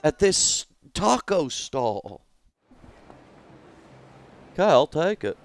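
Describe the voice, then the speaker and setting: A man's voice: on the high side, very animated, drawn-out words. A young man streaming a video game, joking crudely and rambling in casual commentary.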